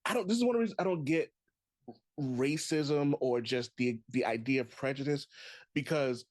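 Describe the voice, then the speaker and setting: A man in casual podcast chat, telling relaxed stories and laughing easily. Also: mid-range voice, moderate pace, dry recording. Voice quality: chatty storyteller, laughs easily.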